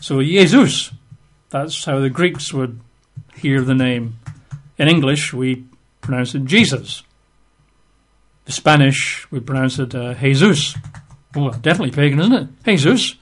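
A man's voice: medium pitch, normal speed, hardly any pauses. A man giving an informal Bible teaching, chatty and wry, spelling out names letter by letter. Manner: conversational, wry asides, spells out words letter by letter.

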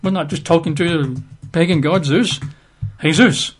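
A man's voice: a little high, moderate pace, slightly rough, soft background music. A man giving an informal Bible teaching, chatty and wry, spelling out names letter by letter. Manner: conversational, wry asides, spells out words letter by letter.

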